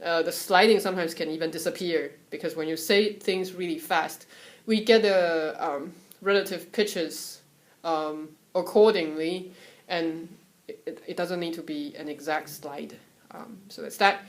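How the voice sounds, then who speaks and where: A woman's voice: on the low side, unhurried. Taiwanese woman teaching Mandarin tones. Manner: relaxed, chatty, breaks off to soothe her cat; sings syllables and solfege to demonstrate tones. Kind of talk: casual home video lesson.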